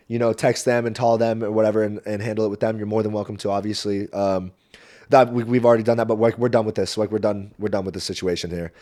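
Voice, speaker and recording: A young man telling a story on his podcast in a casual, rambling way, swearing freely and often saying "like" and "um". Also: mid-range voice. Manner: animated, profane, rambling with frequent fillers. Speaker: podcast host.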